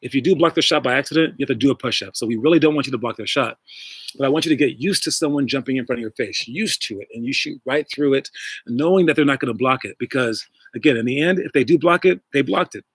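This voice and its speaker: Speaking quickly in a mid-range, slightly bright and husky voice with no room sound, this man coaches and hosts a laid-back basketball livestream over wireless earbuds. His talk wanders, full of filler words, aimed directly at the audience.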